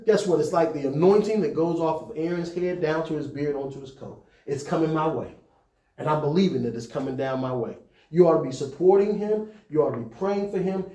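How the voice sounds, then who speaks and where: A male pastor addresses his leaders in an easy, conversational manner, then builds to emphatic peaks. His voice sits high yet has a dark tone, and it rings through a reverberant church room.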